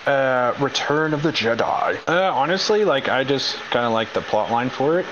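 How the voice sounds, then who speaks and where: Laid-back man with a lively voice. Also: medium pitch, normal speed, dull audio. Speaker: game player. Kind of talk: casual in-game chat. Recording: noisy voice-chat mic.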